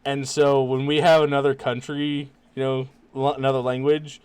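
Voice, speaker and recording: Man, podcast host, relaxed casual chat, cursing, smooth clear voice, mid pitch. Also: moderate pace, no room sound. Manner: laid-back, swears a lot, laughs easily.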